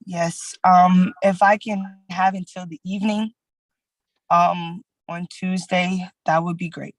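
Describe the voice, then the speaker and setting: A woman giving testimony at a court hearing, retelling events in a halting way with many fillers. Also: on the low side, steady tone, dry recording, rough recording.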